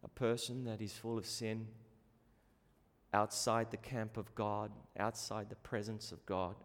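A man preaching a sermon, moving between hushed, quiet reflection and fervent, rising exhortation. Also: lowish voice, flat delivery, a little slow, long reverb tail.

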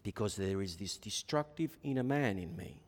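A middle-aged man preaching a sermon as pastor, shifting between quiet asides and emphatic points. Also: on the low side, lively intonation, moderate pace. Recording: long hall reverb.

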